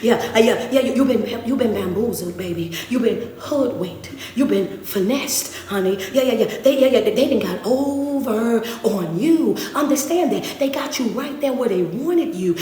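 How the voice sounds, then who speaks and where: A woman motivational speaker talks to her live audience in a preachy, repetitive way, rising loud and dropping to a hush. Her voice sits a touch high. It comes through a phone set a way off in an echoey room with faint background hiss. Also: normal speed, hardly any pauses, distant mic. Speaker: motivational speaker and life coach. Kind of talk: live-stream motivational talk. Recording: echoey room, away from the mic.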